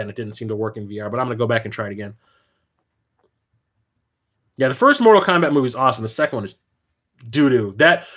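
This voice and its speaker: A man hosting a casual livestream, telling stories in an animated way and swearing freely. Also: a little high. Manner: animated storyteller, swears freely, quick bursts of excitement. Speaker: livestream host.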